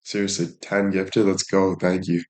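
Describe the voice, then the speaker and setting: A man's voice: deep voice, little pitch movement, normal speed, darkish tone. A young man chatting casually on a live stream, thanking viewers and joking crudely with plenty of swearing. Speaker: livestreamer.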